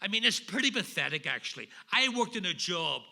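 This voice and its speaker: Bright, high Northern Irish man. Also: sing-song, brisk, gravelly. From Northern Ireland. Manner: wry, self-deprecating storyteller with punchlines. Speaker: recovery meeting speaker. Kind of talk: humorous personal recovery talk.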